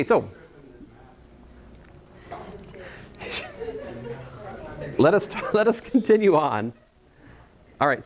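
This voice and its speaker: Here a man with a mid-range voice gives a classroom lecture on college algebra, rambling casually, starting phrases over, and cracking jokes along the way. A bit of background noise can be heard.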